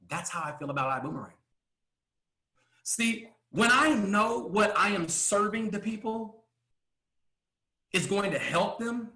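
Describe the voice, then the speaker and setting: Emphatic, lively man coaching in an echoey room. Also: sits high. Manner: emphatic, asks rhetorical questions, frequent throat clearing. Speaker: business coach. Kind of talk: motivational talk.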